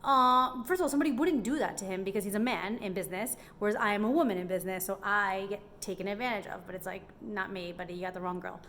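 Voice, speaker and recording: A young woman chatting casually in a vlog, telling a story in an animated way and acting out the people in it, with lots of "like" and "um". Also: medium pitch, fast, hardly any pauses, slight background noise. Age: young adult. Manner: chatty, many fillers like "like" and "um". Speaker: small business owner.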